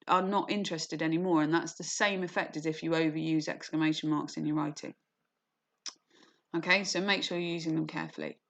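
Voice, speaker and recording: A woman with a fairly low voice teaching an online lesson. She explains step by step, often says "okay" and "you know", and now and then acts out a short quoted line. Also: steady tone, fast talker, a bit bright. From England. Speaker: English teacher.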